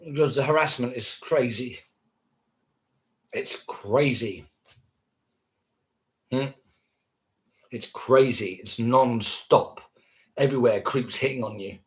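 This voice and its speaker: A man's voice: mid-range voice, slow pace, pauses often. A man ranting casually to camera, scornful and heavily profane, repeating himself.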